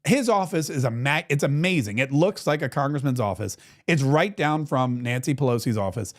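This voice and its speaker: A man hosting a political talk show, telling a rambling story in a casual, animated way. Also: medium pitch, moderate pace. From Florida.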